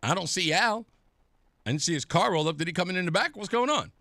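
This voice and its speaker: A high-pitched man hosts a talk radio show, talking fast in studio-quality audio with no echo. His opinionated monologue is animated and mocking, and he acts out other people's voices.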